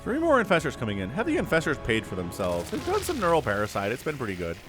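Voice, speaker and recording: A man's voice: mid-range voice, wildly swooping pitch, fast talker, over music. A man casting a strategy game match solo, chatty and analytical, often rambling off topic. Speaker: esports caster.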